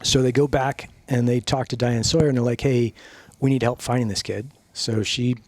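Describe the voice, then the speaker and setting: A middle-aged man on a podcast as a guest, telling stories in a casual, animated way, swearing freely and acting out what people said. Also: medium pitch, moderate pace, no echo. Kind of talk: casual storytelling chat.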